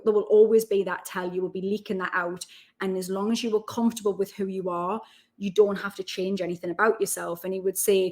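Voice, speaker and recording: A woman with a Geordie accent, chatting as a guest on an interview podcast and telling lively stories. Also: mid-range voice. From North East England. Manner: animated storyteller, quick asides. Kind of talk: casual interview chat.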